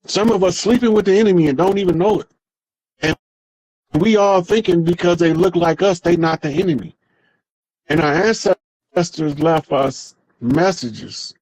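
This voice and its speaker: A man's voice: high-pitched, moderate pace, darkish tone. A man talking in a casual, profane monologue, telling stories with heavy emphasis. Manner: profane, emphatic street storytelling. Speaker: podcast speaker.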